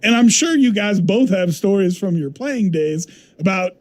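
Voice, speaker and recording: A young man filling in as a sports talk radio host, telling stories in an animated way, acting out quotes and laughing easily. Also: high-pitched, normal speed. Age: young adult. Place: radio studio.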